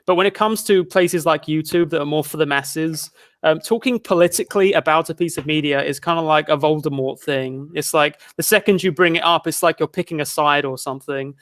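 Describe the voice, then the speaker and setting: A man's voice: on the high side, a little fast, a bit bright, no room sound, studio quality. A man speaking as a guest in a casual discussion, in an easygoing conversational way with some casual swearing. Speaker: guest video critic. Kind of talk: casual chat.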